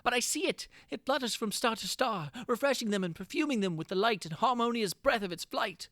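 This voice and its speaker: A man giving a dramatic reading of a horror tale, theatrical, swinging from frantic cries to hushed brooding. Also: very high-pitched, expressive, fairly quick, no echo, clean studio sound. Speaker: narrator.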